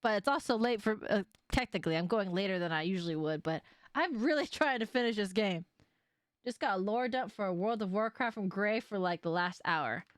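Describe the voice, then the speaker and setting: A young woman streaming a game live and chatting casually, animated, laughing often and swearing now and then. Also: medium pitch, moderate pace, no room sound, studio quality.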